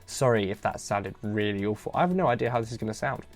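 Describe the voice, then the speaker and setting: A man's voice: on the low side, expressive, quick pace, soft background music. A man hosting a casual solo podcast into a headset mic, rambling and self-deprecating, tired and loopy after midnight. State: tired and loopy late at night. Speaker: podcast host.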